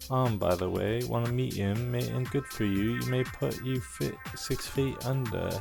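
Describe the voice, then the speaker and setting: A man's voice: mid-range voice, moderate pace, vocal fry. A man voicing a gossipy, sly male townsman with a mock British accent and slangy, folksy talk. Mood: shady. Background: game music.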